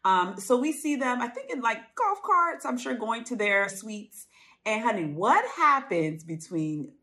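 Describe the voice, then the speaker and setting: A woman co-hosting a casual podcast, trading playful gossip about reality TV. Her voice jumps around a lot in pitch as she exclaims and teases. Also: sing-song, measured pace, bright, forceful tone. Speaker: podcast co-host. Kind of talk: casual reality-TV recap chat.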